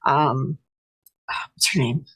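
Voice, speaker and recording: A woman's voice: rumbling low, fairly even intonation, very slow, a bit bright, husky, dry recording, rough recording. A woman hosting a livestream, chatting in a rambling way with lots of fillers. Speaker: livestream host. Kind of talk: casual chat.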